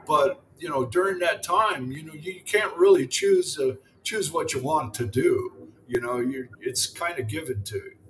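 This guest, a retired baseball pitcher in his seventies, drifts through storytelling in an interview with frequent "you know"s. His slightly high, fairly bright voice moves at an unhurried pace over a little hiss or hum.

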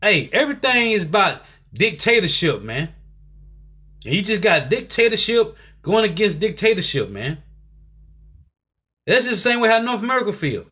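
A Bible teacher with a high, sharp-toned voice preaches to his listeners in emphatic commentary. He drives each point home, repeatedly tossing in "man" and "right?"

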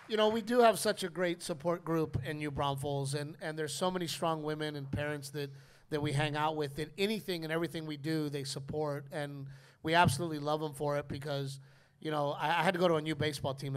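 A middle-aged man hosting a live podcast, telling stories in an animated, profane way. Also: fairly high pitch, fairly quick, clear, resonant tone. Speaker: comedian podcast host. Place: live audience at a distillery.

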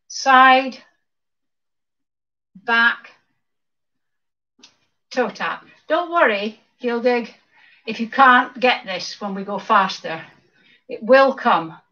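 A woman in her sixties coaches an exercise class from her home, counting each rep aloud and chatting between moves. Her voice sits a little high and sounds bright and forceful. The recording is slightly dull and lo-fi. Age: 60s. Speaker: fitness instructor.

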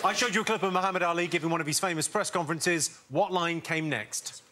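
A man's voice: a little high, fast talker. A man hosting a comedy panel quiz in a TV studio, dry and teasing. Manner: dry, teasing, breaks into laughs. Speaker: quiz host. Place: TV studio with live audience. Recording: loud audience and noise.

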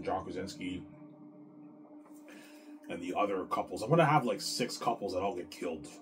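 A man with a very deep voice chats casually to his audience. He rambles with excitement, often stumbling and repeating words. Clear music plays underneath. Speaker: vlogger. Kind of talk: casual chat.

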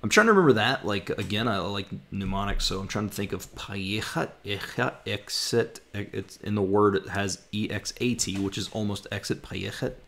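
Deep gravelly-voiced man thinking aloud. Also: fairly bright tone, a little hiss or hum. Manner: halting, sounds words out, self-correcting. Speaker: language-learning vlogger. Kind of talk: casual study vlog, thinking aloud.

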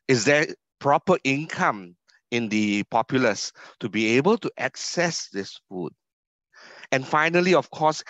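Speaking through a video call computer mic, a man from Singapore gives a keynote lecture at an online conference in Singaporean English. He is a university academic who emphasizes key words and asks rhetorical questions. His mid-range voice is fairly bright, and the audio is dull and dry, without echo.

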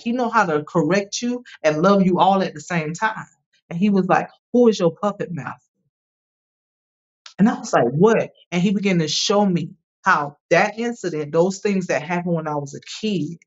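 A woman guest on a podcast, telling personal stories in an emphatic, animated way and often asking "right?" as she goes. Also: lowish voice. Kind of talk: candid personal storytelling. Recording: dull lo-fi sound.

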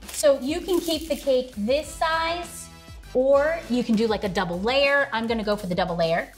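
A woman with a slightly high voice hosts a casual cooking tutorial from her home kitchen. She chats directly to her viewers and laughs easily. Faint music plays underneath. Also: measured pace. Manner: chatty, talks straight to viewers, laughs often. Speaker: host.

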